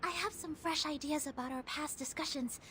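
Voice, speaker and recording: A woman's voice: high voice, fairly quick, natural voice. An actress voicing an earnest, polite young woman in a game who speaks formally. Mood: eager. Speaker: game character.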